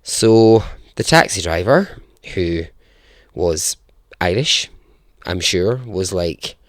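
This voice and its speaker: A man's voice: low-pitched, lively intonation, slow pace, no echo, studio quality. A man hosting a podcast, telling a true story in a chatty, self-deprecating way and chuckling at his own jokes. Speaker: podcast host. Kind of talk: casual storytelling narration.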